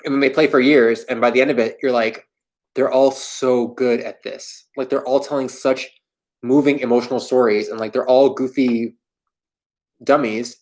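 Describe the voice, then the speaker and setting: A young man from Florida hosting a livestream, answering viewer questions in a candid, self-deprecating, rambling way. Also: medium pitch. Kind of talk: casual livestream chat. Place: home in New York.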